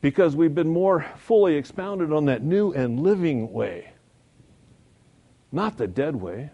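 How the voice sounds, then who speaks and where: Guy teaching sunday school, chatty and folksy, voice goes way up and down, slows down hard on the big points. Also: a little high, expressive, dark tone, lo-fi sound. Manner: conversational, folksy, chuckles at own points. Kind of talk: church Bible lesson.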